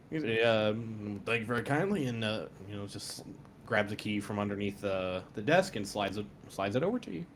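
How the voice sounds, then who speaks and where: A man's voice: lowish voice, unhurried, a little hiss or hum. A young man narrating as game master for friends on a voice call, laughing often. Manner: laughing often, lively storytelling.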